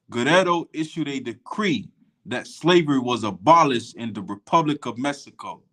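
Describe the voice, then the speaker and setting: Guy reading history out loud in a podcast chat, slow, trips on names. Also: fairly high pitch. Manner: reads slowly, stumbling over foreign names. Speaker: co-host reading aloud. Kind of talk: reading a text aloud with commentary.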